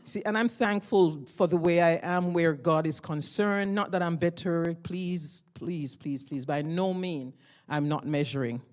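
A woman preaching a sermon in a loud, fervent way, telling stories in a conversational tone that climbs into emotional bursts. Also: fairly low pitch, a little slow.

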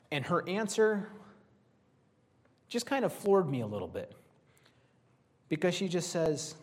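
Joking, lively male preacher. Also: a little high, moderate pace. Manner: lively, joking asides to listeners. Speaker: preacher teaching a Bible study. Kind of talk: conversational sermon.

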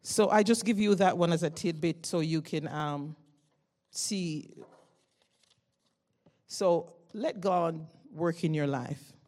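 Loud, fervent woman preaching a sermon. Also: on the low side, slow, pauses often. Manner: conversational storytelling with rising emotional bursts.

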